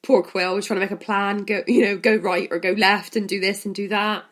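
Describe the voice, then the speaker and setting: Brief: chatty woman podcast co-host, mid-pitched, casual film chat, laughs easily. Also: little pitch movement, brisk, fairly bright tone. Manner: chatty, laughs often, retells scenes with quoted lines.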